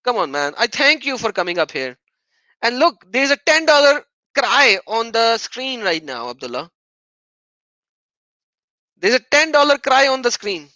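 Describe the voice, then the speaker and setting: A man's voice: extremely high pitch, sing-song, a little slow, pauses often, bright, forceful tone, dry recording, highs cut off. A man hosting a live-stream debate chat, taunting and sarcastic, often laughing mockingly. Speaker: livestream host.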